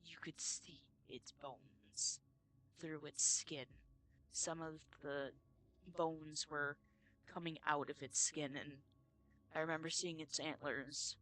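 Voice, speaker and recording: A man's voice: a little high, fairly even intonation, bright, forceful tone. Earnest man telling a spooky tale. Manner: earnest, halting retelling with repeated words. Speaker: storyteller. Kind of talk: telling a personal spooky story.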